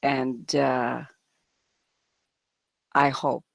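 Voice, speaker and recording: A woman instructor giving brief, courteous closing remarks in a slow, halting way. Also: extremely low pitch, level tone, gravelly, dry recording.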